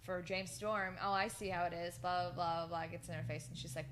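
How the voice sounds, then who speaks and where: A woman's voice: fairly low pitch, flat delivery, fast, hardly any pauses, fairly bright tone, a little hiss or hum. A woman co-hosting a podcast, casually recapping wrestling in a rambling way with lots of fillers and laughter. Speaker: podcast co-host.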